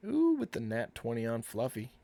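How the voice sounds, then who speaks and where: A man acting as game master on a live-streamed tabletop game, calling out rulings in an unhurried, matter-of-fact way with easy laughs, heard over an online voice call. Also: mid-range voice, huge pitch swings, vocal fry, mellow, a little hiss or hum.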